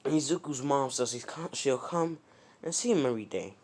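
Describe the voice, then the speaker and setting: A man's voice: mid-range voice, animated, brisk, a little mellow. A young man casually narrating an improvised fan story, rambling with many restarts and self-corrections.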